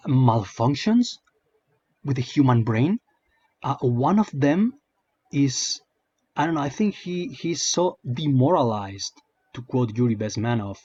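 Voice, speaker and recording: Brief: male online commentator, sarcastic rambling rant, slightly breathy voice, muffled lo-fi home recording. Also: medium pitch, a little mellow, dry recording. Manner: hesitant, filler-heavy, sarcastic. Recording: dull lo-fi sound.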